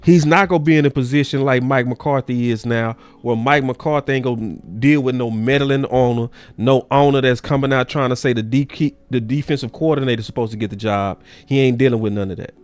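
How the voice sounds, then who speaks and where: A man's voice: brisk, few pauses. A man hosting a sports talk show in casual commentary. He talks emphatically, repeats his points and swears. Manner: animated, jumps between low and high.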